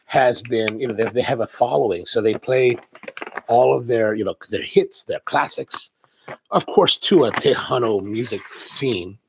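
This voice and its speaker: A middle-aged man with a gravelly, creaky voice chats loosely on a live stream, wandering from story to story as he opens a box. A faint hiss sits under his voice. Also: medium pitch, measured pace, low-quality recording. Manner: rambling, chatty storyteller. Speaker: coffee channel host. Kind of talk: casual live-stream chat.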